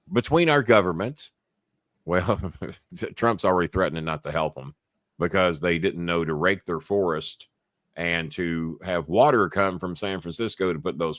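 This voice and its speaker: Casual livestream host: a man with a low voice that swings widely, rambling and salty, recorded dry and close. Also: no room sound. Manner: rambling, profane, animated. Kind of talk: casual chat and storytelling.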